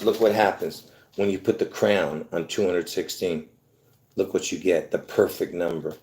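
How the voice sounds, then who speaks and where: In a reverberant recording, a video host with a fairly low pitch and darkish tone addresses his audience directly. He drives his point home through repetition, frequent restarts, and fillers, rambling as he explains.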